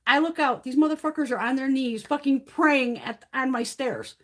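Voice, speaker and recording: A woman's voice: sits high, normal speed. A middle-aged woman hosting a makeup live stream, telling blunt, heavily profane stories and laughing through them in casual chat.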